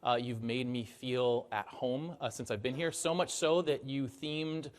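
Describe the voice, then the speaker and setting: A man's voice: medium pitch, fairly even intonation, a little slow. A man from Arizona gives a conference presentation in an upbeat, joking, emphatic way. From Arizona, United States. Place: conference hall stage.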